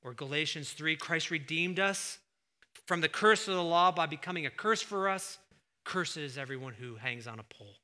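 Bright, high-voiced preaching man. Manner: swings between hushed, slow emphasis and loud, raised exclamation; asks the congregation rhetorical questions. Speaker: pastor. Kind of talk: sermon.

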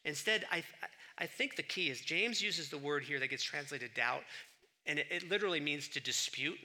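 A middle-aged man preaching a sermon, swinging between loud emphatic bursts and quiet asides. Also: on the high side, moderate pace. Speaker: pastor.

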